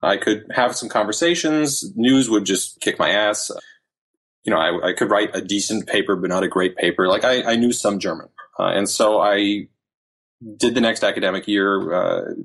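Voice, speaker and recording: A man in his thirties, a language learning author, chatting casually as an interview guest with lively quoted asides. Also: on the low side, normal speed. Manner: animated storytelling with quoted asides.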